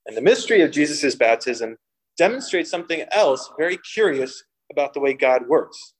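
A young man preaching a sermon, mixing humorous personal stories with scripture and lively voiced quotes. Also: a little high, rough recording. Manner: storytelling with humor, animated quoting. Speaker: pastor.

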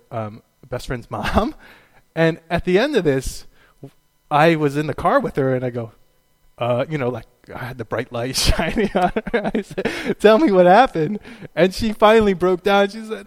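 Chatty pastor in a reverberant hall. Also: male voice, on the high side. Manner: chatty storytelling with fillers and laughs. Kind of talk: sermon. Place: church sanctuary.

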